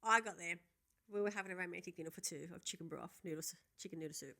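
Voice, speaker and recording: A woman's voice: on the low side, quick pace, creaky. A woman, co-hosting a podcast in casual chat and telling stories with lots of swearing and animation. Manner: animated storyteller, swears freely. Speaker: podcast co-host.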